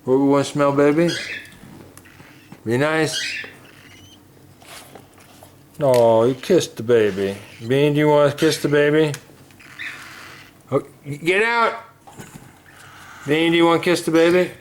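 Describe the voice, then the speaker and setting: A man keeping pet birds, cooing at them in soft baby talk and often dropping to a hush in a casual vlog. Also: a little high, takes it slowly, pauses often, slight background noise. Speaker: pet bird keeper.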